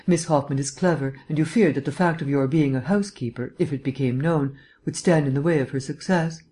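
An audiobook reader voicing an urbane, erudite gentleman detective who lectures in a polished, lightly teasing way. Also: mid-range voice, a little fast, close to an everyday voice. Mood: gently chiding. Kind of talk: audiobook reading.

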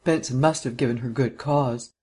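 A man's voice: mid-range voice, fairly even intonation, moderate pace, dark tone, breathy edge, lightly acted. A man voicing a stern male district attorney who speaks coldly and indignantly. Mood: puzzled. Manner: cold, clipped and indignant.

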